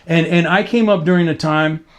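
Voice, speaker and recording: A man in his fifties from Los Angeles, telling stories in a loose, casual interview. His voice sits a bit high, and it leaps higher whenever he gets worked up. He talks in a profane, slang-heavy ramble full of restarts. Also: normal speed. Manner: animated, pitch jumps up when excited. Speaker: graffiti writer being interviewed.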